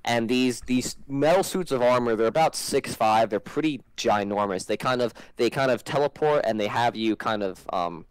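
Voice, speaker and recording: A man's voice: mid-range voice, moderate pace, hardly any pauses, clear, resonant tone, no echo, poor audio. A man narrating as game master in a tabletop game, rambling and hesitant with many fillers.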